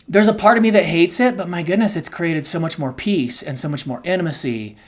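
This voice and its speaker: A man's voice: fairly high pitch, brisk. Emotional, confessional man co-hosting. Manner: emotional and confessional, swings between soft and loud. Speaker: co-host. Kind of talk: candid podcast conversation.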